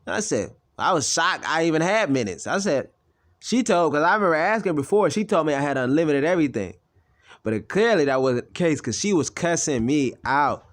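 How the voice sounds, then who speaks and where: A man's voice: fairly high pitch, expressive, a little fast. Blunt, rambling young man. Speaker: channel host. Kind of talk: personal monologue.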